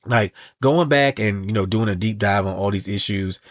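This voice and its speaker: A man co-hosting a podcast, casually recapping a comic book story in a sassy, animated way. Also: lowish voice, normal speed, no room sound, clean studio sound. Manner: animated and sassy, reads quotes in voices. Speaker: podcast co-host.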